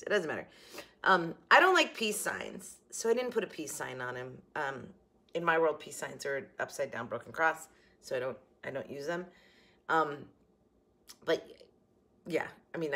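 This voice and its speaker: A middle-aged woman hosting a craft vlog from her kitchen, rambling and animated, correcting herself as she talks. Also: sits low, vocal fry. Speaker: crafting channel host. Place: home kitchen.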